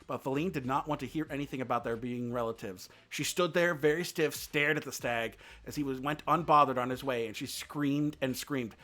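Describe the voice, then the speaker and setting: A man's voice: medium pitch, fairly quick, few pauses, pushed and bright. A man reading a classic children's story aloud on a live stream, narrating expressively. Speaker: VTuber reader.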